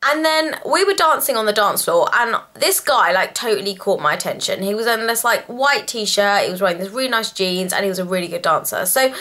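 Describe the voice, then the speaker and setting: Chatty bright-voiced woman in her twenties. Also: mid-range voice. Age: 20s. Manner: animated, chatty, lots of "like" fillers. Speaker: vlogger. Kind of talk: storytime vlog.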